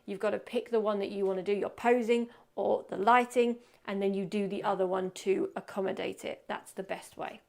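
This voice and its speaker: A woman's voice: medium pitch, steady tone, fairly quick, gravelly, hardly any pauses, darkish tone. A woman teaching portrait posing in a studio, talking casually and showing the poses as she explains. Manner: chatty, demonstrates poses while explaining. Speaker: photography workshop tutor. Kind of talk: casual instructional talk. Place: photo studio.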